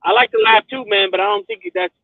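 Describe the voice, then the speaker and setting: A man's voice: high-pitched, very animated, quick pace, gravelly, no room sound. A man in casual chat, rambling and swearing, often asking whether you follow him. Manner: profane, rambling, keeps asking "you know what I mean". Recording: tinny phone line, dry.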